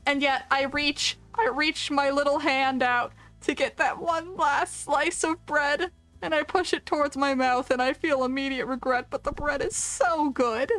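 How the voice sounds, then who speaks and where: A woman's voice: high voice, fairly even intonation, unhurried, fairly bright tone, faint music behind. A woman streamer chatting casually while gaming, rambling and making self-deprecating jokes.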